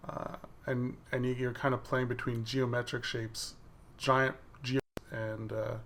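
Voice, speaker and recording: A man's voice: medium pitch, flat delivery, a little slow, fairly bright tone, a little hiss or hum. A man casually narrating over a video of his digital drawing, explaining each step as the work plays on screen. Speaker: digital artist.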